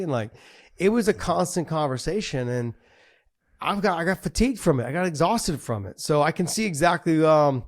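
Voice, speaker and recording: Animated male fight podcast co-host. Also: a little high, normal speed. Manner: animated storyteller, swears freely. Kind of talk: casual chat.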